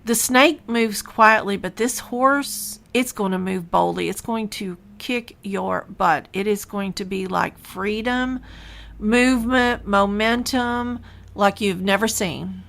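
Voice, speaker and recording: A woman hosting a spiritual podcast, speaking slowly and thoughtfully. Her voice has a gravelly, creaky edge at a middle pitch. She muses aloud in a relaxed, personal way. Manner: unhurried, musing, with sighs and soft laughs. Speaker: podcast host and spiritual teacher. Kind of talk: reflective spiritual podcast talk.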